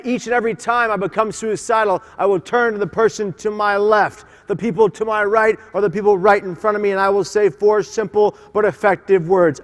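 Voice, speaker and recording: A man giving an impassioned, emphatic motivational keynote speech, having the audience repeat lines after him, in a large conference hall. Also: sits high. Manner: impassioned, emphatic, leads audience call-and-response. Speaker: keynote speaker. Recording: long hall reverb from conference hall.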